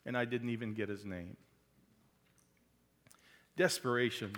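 A man preaching a sermon with passion, swinging between loud emphasis and quiet, drawn-out lines. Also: mid-range voice. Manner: impassioned, rising to loud emphasis and dropping to quiet. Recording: long hall reverb.

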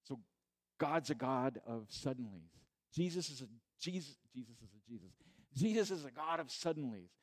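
A man preaching a sermon in a conversational way, retelling the scene with animated asides. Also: medium pitch, normal speed. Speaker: pastor.

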